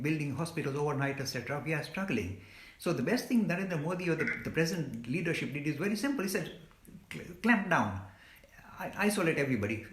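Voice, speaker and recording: This live-stream guest speaker is earnest and fervent, answering questions emphatically, scolding, and repeating words often. His voice leans high, with a reverberant sound.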